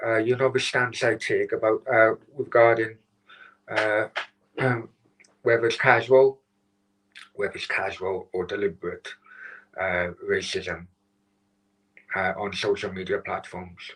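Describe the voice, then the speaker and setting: A man hosting his own live stream, upset and close to tears, talking haltingly with many restarts and some swearing. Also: lowish voice, flat delivery, fairly bright tone, low-quality recording. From Wales. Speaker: channel host.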